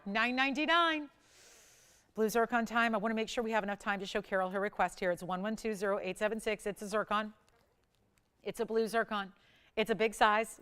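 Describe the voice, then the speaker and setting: A woman's voice: on the high side, a bit bright, smooth. A middle-aged woman hosting live jewelry sales on a shopping channel, pushing urgent countdown price reveals.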